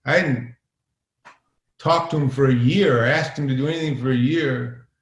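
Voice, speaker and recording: A man's voice: medium pitch, normal speed. Rambling storyteller man in a roomy space. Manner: rambling, profane, acts out quoted exchanges. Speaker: podcast guest, filmmaker. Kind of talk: casual storytelling. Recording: roomy echo.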